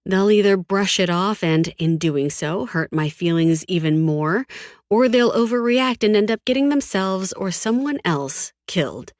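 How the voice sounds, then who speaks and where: A woman narrating a first-person audiobook in a cold, flat, defiant tone, with frequent swearing. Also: mid-range voice, measured pace, no room sound, studio quality.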